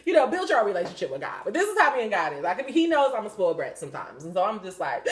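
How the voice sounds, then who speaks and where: She talks quickly with hardly any pauses, her mid-range voice swinging widely in pitch. The young woman, a podcast host, candidly discusses spiritual signs, rambling, swearing and leaning on fillers, with roomy echo in the recording.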